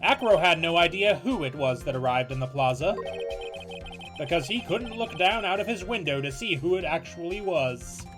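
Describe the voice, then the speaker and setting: A man's voice: fairly high pitch, expressive, normal speed, natural voice. A man voicing a confident young male defense attorney in a fan game reading, with a stiff, formal courtroom delivery. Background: game music.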